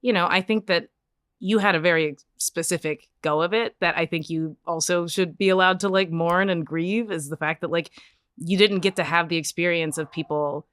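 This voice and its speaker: Bright-voiced woman, laughing storyteller. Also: on the low side, moderate pace, smooth, dry recording, studio quality. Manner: animated storyteller, laughs often. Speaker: guest co-host. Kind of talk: casual podcast chat.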